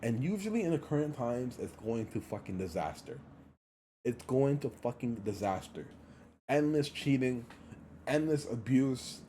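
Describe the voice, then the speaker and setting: A man's voice: medium pitch, mellow, a little hiss or hum. A man livestreaming a heated, blunt monologue, swearing often and repeating phrases for emphasis. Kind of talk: casual ranting monologue.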